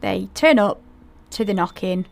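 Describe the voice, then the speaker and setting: A woman's voice: mid-range voice, animated, measured pace, creaky. A woman hosting a podcast, telling a paranormal story in a chatty way and talking straight to her listeners with asides. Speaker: podcast host.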